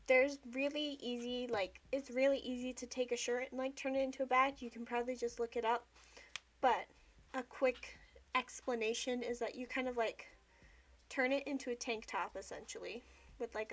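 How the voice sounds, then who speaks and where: A woman's voice: a little high, steady tone, normal speed, slight background noise. A young woman livestreaming while she journals, chatting casually and often saying "like". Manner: chatty, filler-heavy with frequent "like".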